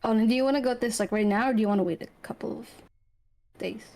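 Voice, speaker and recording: Racing along in a slightly high voice with vocal fry and a touch of mellowness, this woman plays her character in a relaxed tabletop game. She rambles, fills the gaps with lots of fillers, and laughs readily.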